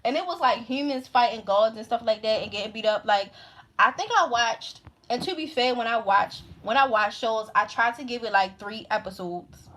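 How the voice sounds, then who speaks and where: Chatty higher-voiced woman from Baltimore. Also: moderate pace, fairly bright tone. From Baltimore, USA. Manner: chatty, slangy, loose and rambling. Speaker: astrology channel host. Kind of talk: casual chat to viewers.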